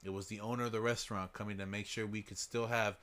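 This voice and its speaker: A man's voice: on the low side, little pitch movement, fast talker, fairly bright tone. Man casually reading listener stories aloud. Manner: swears freely, reads stories aloud with laughs. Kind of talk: casual podcast chat and story reading.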